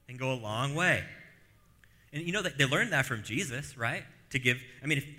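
A man's voice: medium pitch, expressive, fairly quick, sharp tone, in a large hall. A man preaching a sermon, emphatic and rhetorical, repeating phrases for stress.

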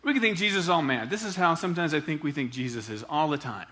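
A man preaching a sermon with a bright, forward voice set a little high. He talks conversationally and asks the congregation for responses. Now and then he acts out a quoted voice, swinging his pitch and loudness. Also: fast. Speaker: pastor.

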